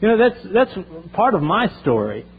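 Male pastor, sermon, earnest and repetitive, fairly high voice, phone-like sound. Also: very animated, moderate pace, husky. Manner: earnest, repeats himself, restarts phrases.

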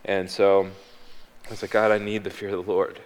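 A man's voice: on the low side, level tone, brisk, clean tone. A man sharing a personal faith testimony as a guest, hesitant, with frequent ums and restarts, speaking on a stage. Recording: long hall reverb.

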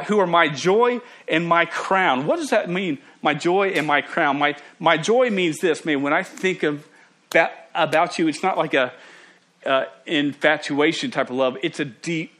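A young man preaches to students in a lively, playful way. His voice sits a bit high for a man. He jokes often and stumbles over his words as he goes. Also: moderate pace. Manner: animated, joking, with frequent restarts. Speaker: student ministry pastor. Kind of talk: sermon.

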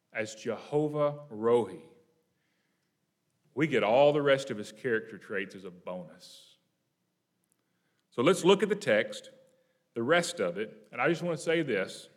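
A man preaching an evening Bible lesson, talking to the congregation in a relaxed, conversational way, asking them questions and reading verses slowly for emphasis. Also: medium pitch. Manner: reads scripture slowly and emphatically.

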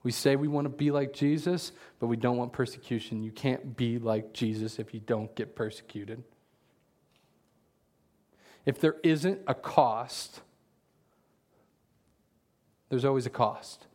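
A man preaching in a loose, conversational way, trading jokes for slow, careful scripture readings. His voice sits at an ordinary middle pitch and jumps into loud, animated bursts when he gets going. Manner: reads scripture aloud slowly. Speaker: pastor. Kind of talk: casual conversational sermon.

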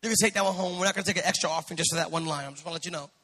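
A male pastor preaching a sermon, swinging between quiet asides and shouted, sing-song exhortation. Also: fairly high pitch, rapid-fire. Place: church sanctuary. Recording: long church hall reverb.

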